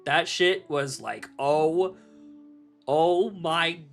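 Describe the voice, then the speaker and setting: A young man streaming live, chatting casually to his viewers, animated, laughing often and swearing freely. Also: a little high, drawn-out words, vocal fry, soft background music.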